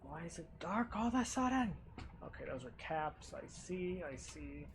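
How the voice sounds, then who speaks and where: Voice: mid-range voice, very animated, moderate pace, background noise. A game streamer casually talking through their own live gameplay, swearing freely and reacting to what happens on screen. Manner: casual, profane, reacting to play.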